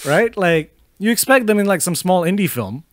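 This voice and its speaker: Animated, bright-voiced man chatting about movies. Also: high voice, normal speed, no echo. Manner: laughs often, swears, animated storytelling. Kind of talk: casual chat about movies.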